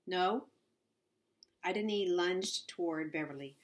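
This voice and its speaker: Low-voiced woman reading a storybook. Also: normal speed, fairly bright tone. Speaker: audiobook reader. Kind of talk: reading a children's novel aloud.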